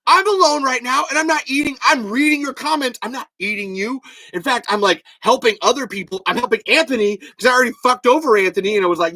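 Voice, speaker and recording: High bright-voiced man ranting. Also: animated, dry recording. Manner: fast, profane, ranting with loud bursts. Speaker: podcast host. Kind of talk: solo podcast rant reading comments.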